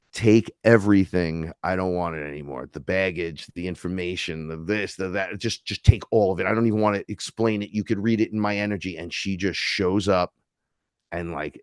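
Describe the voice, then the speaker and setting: A man's voice: low-pitched, dry recording, studio quality. A man, a podcast guest telling stories in casual chat and acting out the voices he quotes. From New York City. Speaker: podcast guest, neo-shaman.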